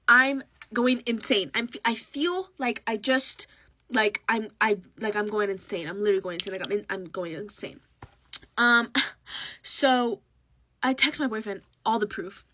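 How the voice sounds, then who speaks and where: A young woman telling a storytime in casual monologue, acting out quotes with sudden pitch jumps and dropping to whispers. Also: moderate pace, sharp tone, no room sound.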